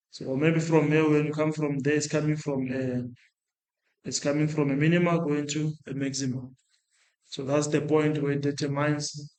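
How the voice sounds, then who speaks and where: A male maths lecturer with a fairly high voice explains a calculation step by step in a classroom. He thinks aloud, stopping to restart and correct himself. The room is echoey. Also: a little mellow. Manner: talks through working aloud, restarts and self-corrects.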